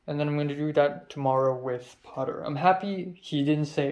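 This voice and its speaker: A young man with a voice that sits slightly high, rambling through a casual vlog monologue. He vents, exasperated, stacking up ums and restarts as he talks. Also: steady tone, brisk, darkish tone. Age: young adult. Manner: rambling, exasperated venting with many fillers. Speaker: student filmmaker.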